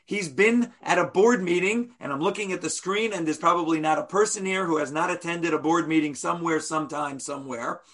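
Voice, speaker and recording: A man teaching a class as a rabbi, animated, full of rhetorical questions and playful asides. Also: a little high, a little fast, few pauses.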